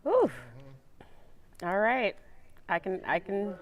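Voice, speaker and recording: A woman's voice: medium pitch, big pitch swings, takes it slowly, dull audio, crowd noise. A woman co-hosting a casual after-show chat, easygoing, agreeing with short replies. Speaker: morning show co-host.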